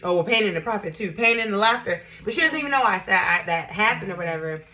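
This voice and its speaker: A woman's voice: mid-range voice, expressive, fast, sharp tone, a little hiss or hum. A woman hosting a casual livestream chat as a tarot reader, chatty and laughing, reading out viewer comments.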